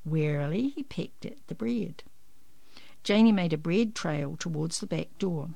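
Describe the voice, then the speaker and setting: A woman reading a children's picture book aloud in an expressive, lively storytelling manner. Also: on the low side, creaky, dry recording.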